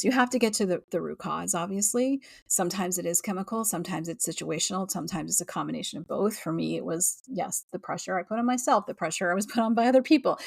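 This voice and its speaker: A woman's voice: lowish voice, gravelly, dry recording, clean studio sound. A woman in her forties, a podcast host, speaking candidly and frankly in a rambling personal monologue with frequent fillers and restarts, near tears at times and swearing freely.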